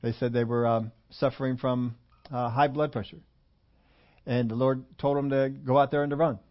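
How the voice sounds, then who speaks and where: Older man, pastor, sermon, folksy, conversational, middle pitch, slightly dull recording. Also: steady tone, moderate pace. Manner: folksy, conversational preaching with repetitions. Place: church.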